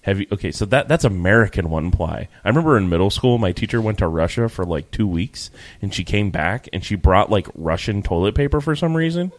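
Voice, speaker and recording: A podcast host in easygoing conversation, winding through stories with frequent fillers and self-corrections. His voice sits on the lower side for a man. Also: expressive, a little fast. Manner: rambling storyteller, many fillers and restarts. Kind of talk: casual chat.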